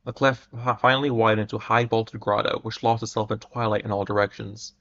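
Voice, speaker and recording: A man reads an old adventure story aloud in a measured, dramatic way, now and then tripping over a word. His voice sits low with a gravelly texture. The recording is dull and lo-fi. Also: steady tone, a bit bright. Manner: measured, with occasional stumbles and restarts. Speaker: reader. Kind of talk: dramatic reading of pulp fiction. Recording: muffled lo-fi recording.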